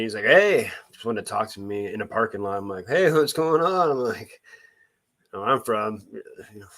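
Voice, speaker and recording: Low-voiced guy rambling on his live stream, chatty, keeps restarting. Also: a bit bright. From Missouri. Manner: rambling, restarts, greets viewers by name. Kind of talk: casual live-stream chat.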